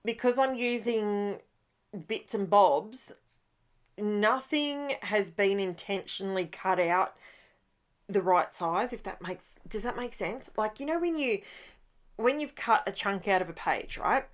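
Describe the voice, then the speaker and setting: A woman's voice: mid-range voice, expressive, unhurried. A woman hosting a crafting video, chatting casually as she works and often wandering off track. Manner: rambling, self-interrupting, chatty. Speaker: crafting channel host.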